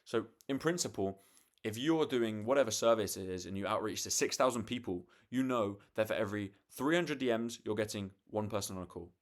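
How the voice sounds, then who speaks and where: Young man, low-pitched, rambling to camera late at night; swears freely, restarts sentences. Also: brisk, hardly any pauses. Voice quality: swears freely, restarts often, acts out sales calls. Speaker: vlogger.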